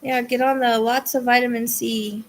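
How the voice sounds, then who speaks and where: Woman, tired and drained, rambling livestream chat, somewhat high voice, trailing off. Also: flat delivery, moderate pace. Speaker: psychic livestream host. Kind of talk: casual livestream chat with viewers.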